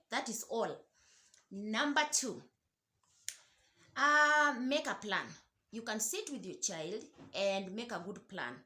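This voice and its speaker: A woman's voice: high-pitched, a bit bright. Earnest woman host in an echoey room. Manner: earnest, repeats words and restarts, rhetorical questions. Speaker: show host giving parenting advice. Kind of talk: advice talk to camera.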